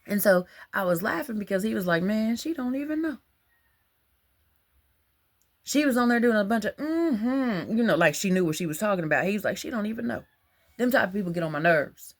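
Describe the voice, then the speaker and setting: A woman, talking in a rambling, animated, colloquial monologue about religious ideas. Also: medium pitch, fast talker, few pauses. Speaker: religious vlogger. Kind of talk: casual monologue.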